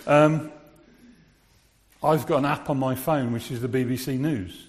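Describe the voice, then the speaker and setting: A man's voice: mid-range voice, steady tone, a little slow. A man giving a sermon in a conversational way, asking his listeners rhetorical questions. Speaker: preacher. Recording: long reverb of a large hall.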